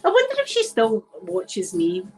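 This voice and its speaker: A Scottish woman who's a bit drunk hosts an ASMR channel, chatting frankly and ramblingly with viewers in a casual live chat. Her mid-range voice swings hugely in pitch at a moderate pace, over soft background music and a low-quality recording.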